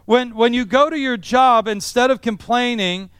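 A man's voice: extremely high pitch, normal speed, fairly bright tone, clean tone, no room sound, studio quality. A middle-aged male pastor preaching a sermon in an emphatic style, stacking repeated phrases for effect. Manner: emphatic, repetitive preaching cadence.

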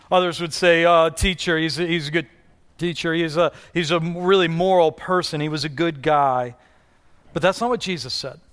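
A pastor with a fairly high, fairly bright voice preaches an earnest sermon. His delivery rises and falls, and he keeps repeating questions to the congregation.

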